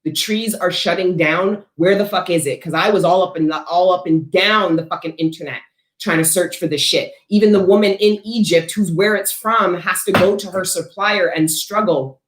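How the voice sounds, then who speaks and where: A woman hosting a casual livestream, chatting bluntly with viewers and answering their questions, swearing freely and talking with animated emphasis. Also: on the low side, moderate pace, echoey room. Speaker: host selling frankincense to viewers.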